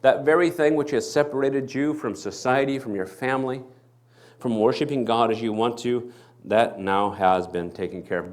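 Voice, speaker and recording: A man's voice: medium pitch, normal speed. A male pastor preaching a sermon, acting out the people in the story as he goes. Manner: animated, acts out the people in the story. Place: church.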